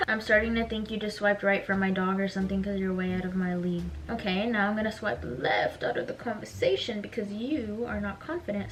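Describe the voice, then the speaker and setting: A woman's voice: medium pitch, moderate pace, few pauses. A young woman chatting casually through a makeup vlog, bubbly and giggly, with lots of "like" fillers. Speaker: beauty vlogger.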